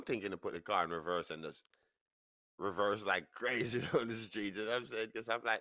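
New york dude on his podcast, deep but bright voice, laughing thru a crazy story, dry mic. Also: flat delivery, fairly quick, dry recording. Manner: laughs through the story, voice jumps high for quoted people. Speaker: podcast host. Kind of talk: animated storytelling.

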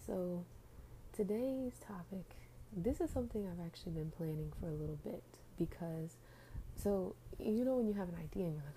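A woman's voice: on the low side, moderate pace, dark tone, slight background noise, low-quality recording. A young woman hosting her own faith podcast, sounding groggy after just getting up and chatting in a rambling, casual way with fillers and restarts. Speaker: podcast host.

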